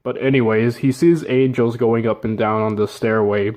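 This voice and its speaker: A man's voice: mid-range voice, steady tone, moderate pace, darkish tone. A man casually retelling an old story with jokes, slang and asides. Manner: joking, slangy, with fillers and laughs. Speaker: narrator.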